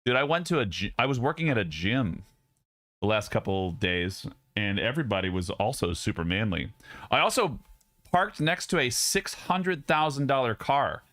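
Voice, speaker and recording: Speaking at normal speed with lively intonation, this young man has a medium-pitched, fairly bright voice. On his own stream he casually tells stories with big swings in his voice, swearing freely and frequently starting sentences over, close to a studio dynamic mic.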